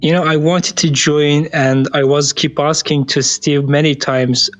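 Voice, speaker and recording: A man's voice: medium pitch, little pitch movement, normal speed, few pauses. Eager man guest on his first podcast. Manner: eager, grateful, with self-corrections. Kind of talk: casual chat. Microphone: online voice chat.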